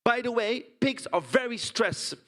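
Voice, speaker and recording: An actor with a Dutch accent plays a blunt, indignant pig farmer in a stage monologue, often tagging lines with "huh?" and "right?". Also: male voice, extremely high pitch, a little slow, heavily acted. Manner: blunt, animated storytelling with frequent "huh?" and "right?" tags. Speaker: stage performer. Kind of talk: theatrical monologue.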